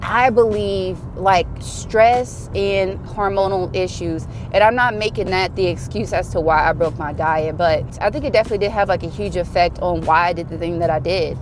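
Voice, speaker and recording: A woman's voice: medium pitch, background noise. A young woman, talking to camera in a casual confessional vlog. She chats loosely, with lots of "like" and "y'all", and speaks from the heart about her faith. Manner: chatty, says "y'all" and "like" often, heartfelt and faith-driven. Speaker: vlogger.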